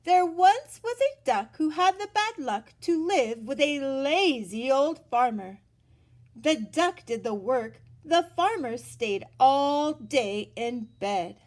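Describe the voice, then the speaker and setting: Lady reading a kids' picture book out loud, high voice, nice and slow. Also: expressive. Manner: gentle, asks the listener questions, gasps for effect. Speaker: storyteller reading to children. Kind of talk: picture-book read-aloud.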